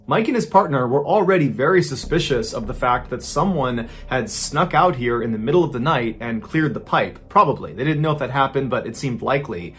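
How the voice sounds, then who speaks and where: A man hosts a true-crime storytelling podcast, recounting events in a relaxed, conversational manner. His voice sits at an ordinary middle pitch, and he steadily builds suspense as he goes. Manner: casual, conversational retelling with dramatic build. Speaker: podcast host.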